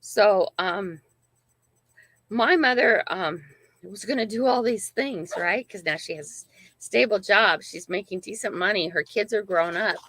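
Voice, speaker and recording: Older woman host, gravelly, dry close sound, rambling emphatic storyteller. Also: medium pitch, unhurried, fairly bright tone, no room sound. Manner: rambling, emphatic, frequent "right?" and "okay?". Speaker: channel host. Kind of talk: casual livestream storytelling.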